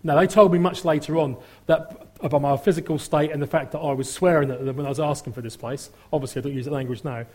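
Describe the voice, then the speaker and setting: A middle-aged man shares his testimony in a mellow, husky voice that sits a little high for a man. He rambles with plenty of ums and acts out the voices of people he quotes. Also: steady tone, fast, few pauses. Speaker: testimony speaker. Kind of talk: personal testimony storytelling.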